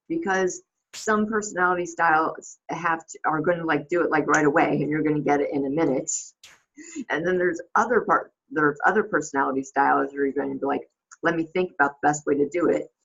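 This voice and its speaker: A woman's voice: deep voice, fairly quick, gravelly, fairly bright tone, dull audio. A woman hosting a casual reflective monologue, rambling with many fillers and restarts. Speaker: host.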